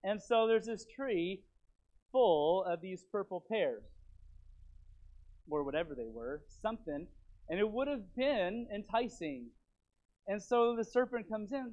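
A man preaching a sermon as pastor in his church, rambling and repeating himself with animated stops and starts. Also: high voice, unhurried, pauses often. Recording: tinny phone-like sound.

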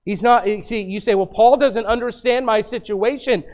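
A man's voice: high voice, moderate pace, darkish tone. A middle-aged male pastor preaching a sermon, asking and answering rhetorical questions with rising emphasis.

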